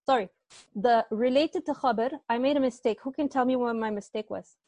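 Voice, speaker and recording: A woman's voice: fairly high pitch, fairly quick, mellow, dry recording. A woman teaching Arabic grammar to students online, explaining patiently step by step and asking them questions, speaking through earbuds on a video call.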